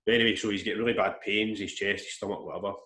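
Fast-talking man, echoey room. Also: on the low side. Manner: rambling, animated retelling with swearing and restarts. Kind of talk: casual storytelling chat.

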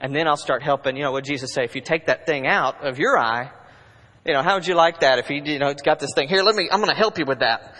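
A man's voice: on the high side, quick pace. Preaching man in a reverberant hall. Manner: conversational preaching, swinging between urgent bursts and hushed asides. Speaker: pastor. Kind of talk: sermon. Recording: long reverb of a large hall.

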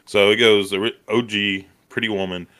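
Male co-host from Texas, deep voice, bright forceful tone, casual rambling. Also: level tone, moderate pace. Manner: loose, hesitant, full of fillers. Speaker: podcast co-host. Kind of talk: casual chat.

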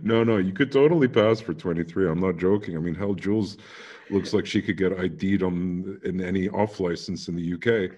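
Host type: posh English man, lowish voice, dry joking banter. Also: brisk, a little mellow, husky. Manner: dry jokey banter, mock-grand turns of phrase. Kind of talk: comedic casual chat.

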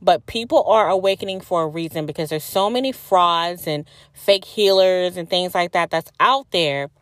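Frank, profane woman with a low voice. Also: moderate pace, no echo. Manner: frank and profane, storytelling with many "like"s. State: tired and drained. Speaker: podcast host. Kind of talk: casual spiritual monologue.

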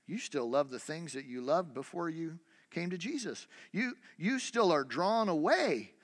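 A man's voice: fairly high pitch, expressive, unhurried. A man preaching a sermon in a conversational way, full of rhetorical questions and restarts, in a church. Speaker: pastor. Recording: long hall reverb.

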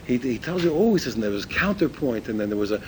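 An older man gives an informal Torah talk, telling stories with great expression and acting out dialogue in a raised voice, often repeating and restarting phrases. His medium-pitched voice moves fast. The recording is low quality, with a little hiss or hum.

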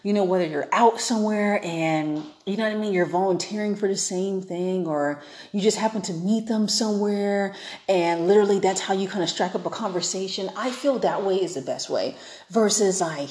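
A woman's voice: on the low side, darkish tone, roomy sound. A woman giving frank, chatty dating advice in a casual monologue, acting out the people she quotes.

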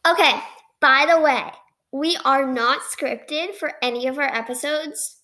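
A teenage girl co-hosting a podcast, chatting fast and giggling, with lots of "like" and fillers as she reacts to an old episode. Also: sits high, sharp tone, a little hiss or hum. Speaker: podcast co-host.

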